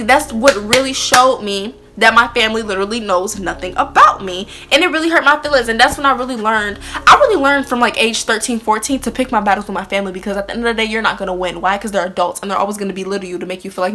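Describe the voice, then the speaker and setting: A young woman chatting candidly to camera as a vlogger, blunt and expressive, speaking straight to her viewers. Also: on the high side, fast, few pauses, soft background music. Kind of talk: candid casual chat to camera.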